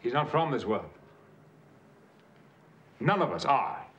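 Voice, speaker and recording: An actor playing a starship captain disguised as a 1940s private detective, measured and commanding. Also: male voice, medium pitch, very animated, fairly bright tone, a little hiss or hum. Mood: earnest. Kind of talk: TV drama acting. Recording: faint background ambience from a TV episode.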